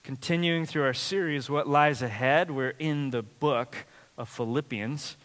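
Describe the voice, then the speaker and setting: A man's voice: medium pitch, measured pace, fairly bright tone, long reverb tail. A man preaching a sermon as pastor, telling stories in a conversational way with plenty of fillers. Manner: conversational, storytelling with frequent fillers.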